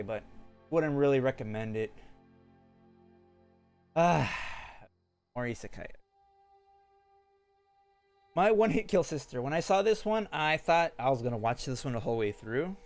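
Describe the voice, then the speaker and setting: Rambling casual man reviewing anime. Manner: rambling, lots of fillers and restarts, wide pitch swings.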